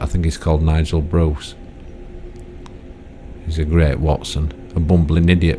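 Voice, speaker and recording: With a warm bass voice and slight background noise, this older gaming YouTuber chats his way through his own gameplay. His commentary wanders, full of self-deprecating asides and tag questions.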